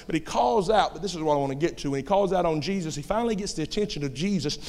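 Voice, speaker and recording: A male pastor preaching a sermon with passion, his voice climbing to shouts at the peaks. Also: a little high, lively intonation, rapid-fire, big-room sound. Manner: impassioned, rising to shouts.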